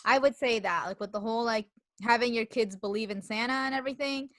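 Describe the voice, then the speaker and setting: A young woman co-hosts a podcast, chatting casually and animatedly telling stories full of "likes" and laughter. Her voice is on the high side and fast, captured as clean studio sound with no room noise.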